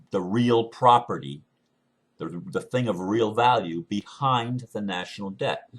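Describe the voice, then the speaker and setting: A man from the United States talking in an earnest, unscripted monologue, often halting and restarting his phrases. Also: low-pitched. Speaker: speaker sharing beliefs.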